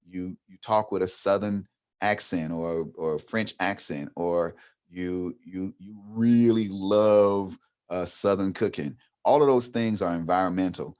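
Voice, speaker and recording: A middle-aged man leading a training workshop, talking in a loose conversational way with frequent ums and restarts. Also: deep voice. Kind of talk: casual workshop teaching.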